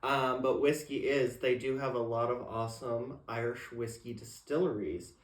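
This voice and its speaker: A man's voice: medium pitch, steady tone, normal speed. A man co-hosting a podcast in casual chat, joking and laid-back. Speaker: podcast co-host. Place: room at home, with the co-host across a coffee table. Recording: echoey room.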